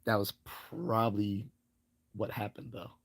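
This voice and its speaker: A man's voice: flat delivery, a little slow, creaky. Laughing man telling a rambling story. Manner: rambling, laughs often, acts out quoted lines in a higher voice. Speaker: livestream host. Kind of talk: casual storytelling on a livestream.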